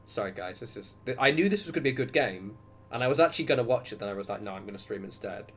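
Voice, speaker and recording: A man's voice: lowish voice, racing. A young man streaming a game, chatting casually to viewers in a rambling way and often cutting himself off mid-sentence. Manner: rambling, self-interrupting, chatty asides to viewers. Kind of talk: casual gaming livestream chat.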